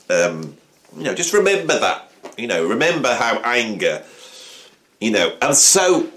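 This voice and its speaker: Animated man on his channel. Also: medium pitch. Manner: animated, rambling, self-mocking. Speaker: music channel host. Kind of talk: casual talk to camera.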